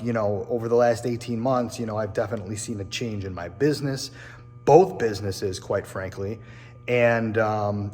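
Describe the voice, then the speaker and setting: A man's voice: fairly low pitch, long reverb tail. A man hosting his own show, talking earnestly and reflectively to camera, often repeating and restarting phrases, in a machine shop. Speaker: real estate agent and show host. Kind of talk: casual personal talk to camera.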